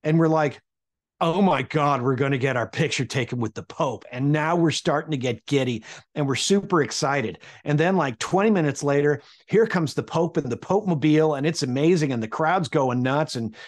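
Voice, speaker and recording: An American man in his forties telling a personal story to an audience, animated and humorous as he builds suspense. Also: on the high side, moderate pace. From United States.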